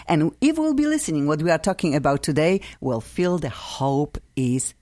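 Excitable low-voiced woman radio host. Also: moderate pace, hardly any pauses. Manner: excitable and effusive, with bursts of laughter. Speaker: radio talk show host. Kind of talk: live radio talk show chat.

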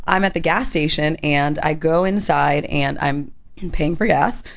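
A radio co-host with a fairly low voice tells a story in casual chat, slipping into the voices of the people she quotes and laughing often. The broadcast sound is muffled and lo-fi. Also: a little slow, creaky. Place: radio studio.

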